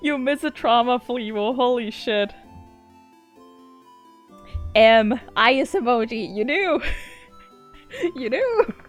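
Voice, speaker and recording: A woman streaming a game who reads story text softly and reacts with excited, sweary outbursts and frequent laughter. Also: fairly high pitch, takes it slowly, pauses often, soft background music. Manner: soft, hushed reading of story text. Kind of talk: casual let's-play commentary and reading game text aloud.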